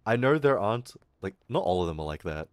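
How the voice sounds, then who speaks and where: Man, young adult, Australian accent, casual stream chat, animated pitch, dry close sound. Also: quick pace, no echo. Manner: rambling, profane, laughs often. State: throat irritated. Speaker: VTuber streamer.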